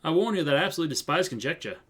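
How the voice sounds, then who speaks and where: A man's voice: fairly high pitch, expressive, rapid-fire, fairly bright tone, husky, pitched above the performer's own voice. A cold, haughty prosecutor from a courtroom game, read by a man in a clipped, disdainful delivery. He sounds superior and precise.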